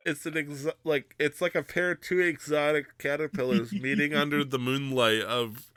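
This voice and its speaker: Bright, crisp-voiced joking man. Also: a little high, steady tone, normal speed, dry recording, clean studio sound. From Michigan. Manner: joking, laughing easily. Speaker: podcast host. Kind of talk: casual chat.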